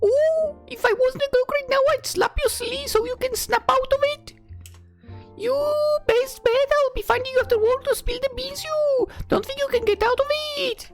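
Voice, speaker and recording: A woman's voice: very high-pitched, normal speed, over music, voice pushed up. A woman voicing a pushy young female coworker who teases and threatens. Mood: teasing threat. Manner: teasing, threatening.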